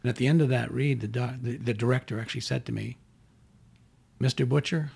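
Gravelly, husky Canadian man. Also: mid-range voice, fairly even intonation, a little fast, darkish tone. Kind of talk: casual chat.

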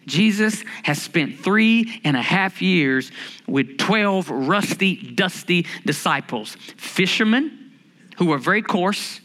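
A man preaching a sermon, lively and humorous, stretching out key phrases for emphasis. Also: high-pitched, slow. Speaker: pastor.

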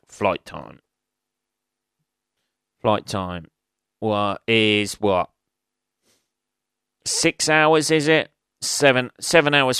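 A man's voice: mid-range voice, a bit bright, clear, resonant tone, no echo, studio quality. A man hosting a solo comedy podcast, rambling and swearing as he thinks aloud. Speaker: podcast host.

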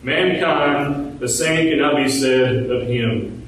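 A man preaching a sermon. He asks the congregation rhetorical questions and slows down when he quotes scripture. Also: medium pitch, fairly bright tone. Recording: very echoey room, voice from a distance.

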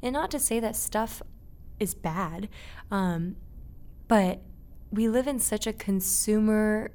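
A woman's voice: mid-range voice, slow pace, darkish tone. Earnest young woman sharing reflections. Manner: earnest and reflective, laughs easily. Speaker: interview guest. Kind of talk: casual conversational interview.

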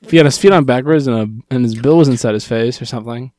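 A man co-hosting a podcast, casually recapping a TV episode and quoting the characters in quick asides. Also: mid-range voice, darkish tone, dry recording, studio quality. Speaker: podcast co-host.

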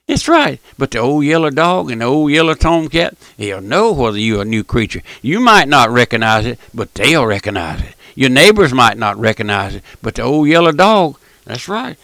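An older man preaching a folksy broadcast sermon, repeating his points and calling the listener "my friend", with emphatic, drawn-out stressed phrases. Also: mid-range voice, animated, a bit bright, no room sound. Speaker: radio preacher.

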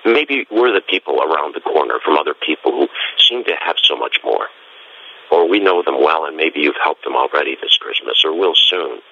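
A man, a friar, giving a gentle and musing Christmas homily in a scratchy voice, pausing often to reflect. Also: extremely low pitch, lively intonation, vocal fry, husky. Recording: dull lo-fi recording.

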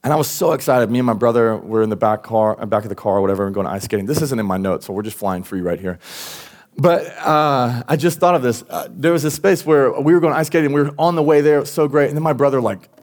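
A man's voice: medium pitch, fast talker, a little mellow. A man giving a sermon at a church service as pastor, talking in a casual way with many restarts and asides. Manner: conversational, with frequent restarts and asides.

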